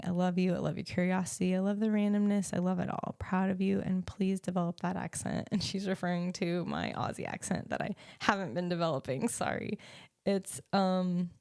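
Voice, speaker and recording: A young woman talks through her solo podcast in a loose, rambling way, stopping often on ums and restarting her sentences. Her voice sits a little low and carries a gravelly fry, and it comes through close and dry with no room around it. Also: darkish tone, no echo. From United States. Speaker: podcast host and life coach. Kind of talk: casual solo podcast chat.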